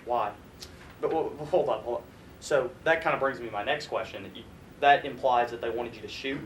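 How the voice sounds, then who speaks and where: A man's voice: medium pitch, fairly quick, far from the mic. A man co-hosting a sports chat show, ribbing the host with playful questions. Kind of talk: teasing casual chat. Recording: roomy echo with faint noise.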